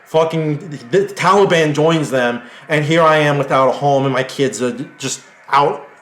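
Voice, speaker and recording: Here is a furious male centaur refugee who swears through every answer, voice pushed high and loud, a man putting him on. The sound is echoey, as if caught in a bare room. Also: a little slow. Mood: emotional. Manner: shouting, swearing, indignant. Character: angry foul-mouthed male centaur refugee.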